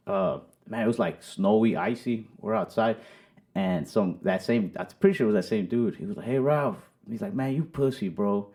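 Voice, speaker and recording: A man's voice: on the low side, darkish tone. Profane young man telling stories. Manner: loose, profane storytelling with many "like" fillers. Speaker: guest comedian. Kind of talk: casual podcast chat. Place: podcast studio. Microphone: studio microphone.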